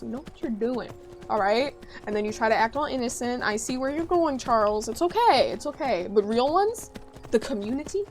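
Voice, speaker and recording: A woman livestreaming a game, chatting casually and teasing her viewers playfully. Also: fairly high pitch. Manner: playful teasing, banter with chat. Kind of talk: casual livestream chat while gaming. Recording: game music under the voice. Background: game music.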